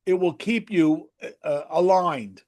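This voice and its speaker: A man teaching a Torah class in a lively, conversational way, firing off rhetorical questions and acting out quotes in a raised voice. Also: high voice, takes it slowly.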